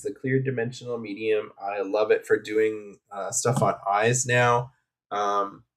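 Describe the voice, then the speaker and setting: Casting male craft streamer, mid-pitched, rambling and chatty, casual live talk. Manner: rambling and chatty, with many fillers and asides.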